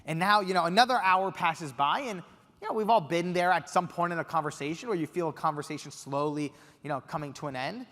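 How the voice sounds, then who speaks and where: A young man from Los Angeles giving a keynote speech, telling a story with lively energy and acting out the quotes. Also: a little high, brisk. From Los Angeles, USA. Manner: animated, acts out quotes. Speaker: keynote speaker. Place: conference hall stage. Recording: long reverb of a large hall.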